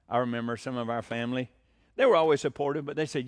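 A man preaching a sermon as pastor, animated, asking rhetorical questions and chuckling between points. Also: mid-range voice, quick pace.

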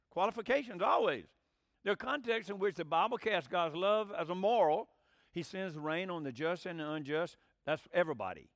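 A man's voice: high-pitched, fairly bright tone, no echo, studio quality. A male preacher, giving a folksy sermon, often asking the congregation questions and acting out quoted voices.

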